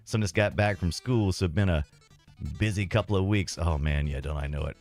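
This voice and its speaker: A man's voice: low voice, brisk, darkish tone, soft background music. A man streaming retro games, rambling casually and self-deprecatingly as he reads and answers his chat.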